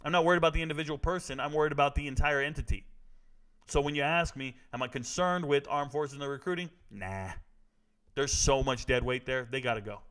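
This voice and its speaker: Blunt high-voiced man ranting. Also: fairly quick, a bit bright, clean tone. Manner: blunt, emphatic, repeats his points. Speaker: show host reading chat; former army first sergeant. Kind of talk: casual livestream rant.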